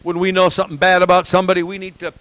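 Male preacher, high voice, dry close sound; delivers an emphatic sermon that swings loud and soft. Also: monotone, very fast, no echo, low-quality recording.

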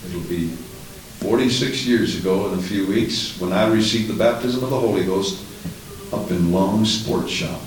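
An older man preaching an impassioned sermon in a church, swinging between booming and hushed. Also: moderate pace. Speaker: pastor. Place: church sanctuary. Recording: echoey church with faint hiss.

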